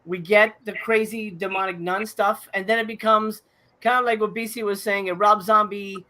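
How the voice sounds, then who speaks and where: A man's voice: high voice, steady tone, moderate pace, pushed and bright. A man co-hosting a movie podcast, talking in a rambling, casual way with many fillers and restarts. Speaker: podcast co-host reviewing movies. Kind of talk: casual chat.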